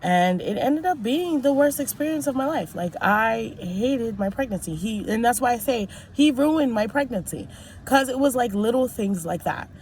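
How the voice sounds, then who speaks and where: A woman's voice: fairly high pitch, expressive, normal speed, darkish tone, slight background noise. A young woman telling a personal story in a casual vlog, chatty and rambling with many fillers and restarts. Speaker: vlogger.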